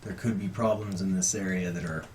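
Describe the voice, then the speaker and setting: A man's voice: sits low, steady tone, fairly quick, a little mellow, a little hiss or hum. A man narrating scenes and questioning players as game master in a tabletop game. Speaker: dungeon master.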